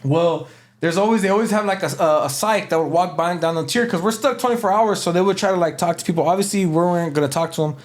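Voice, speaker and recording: A man's voice: high-pitched, fast. A man being interviewed, telling a long story in a loose, slangy way with lots of fillers. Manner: loose, slangy, rambling delivery with many fillers. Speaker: interview guest.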